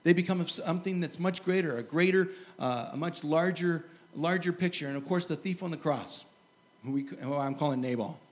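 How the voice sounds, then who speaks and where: A middle-aged man preaching a sermon, telling stories with lively asides and chuckles. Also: a little high, brisk. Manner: lively storytelling, animated asides and laughs. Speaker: pastor.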